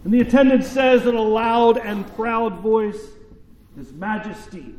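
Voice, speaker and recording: A man preaching a sermon as pastor, telling a story slowly and deliberately with dramatic pauses. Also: high voice, darkish tone, a little hiss or hum. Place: church sanctuary. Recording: echoey church with long reverb.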